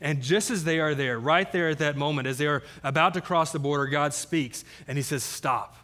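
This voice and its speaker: A man's voice: fairly high pitch, fairly quick, fairly bright tone. A man preaching a sermon as pastor, earnest, often repeating words as he builds his point.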